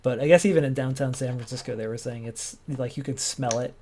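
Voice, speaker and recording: A man's voice: mid-range voice, fast talker, a crowd in the background. Sarcastic man hosting a game playthrough. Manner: sarcastic, joking. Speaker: host. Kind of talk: casual let's-play chat.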